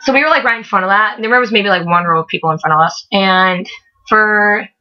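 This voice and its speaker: A woman's voice: mid-range voice, fairly quick. A teenage girl telling a concert story in casual vlog chat, rambling and swearing with lots of "like". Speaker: vlogger. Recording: dull lo-fi webcam audio.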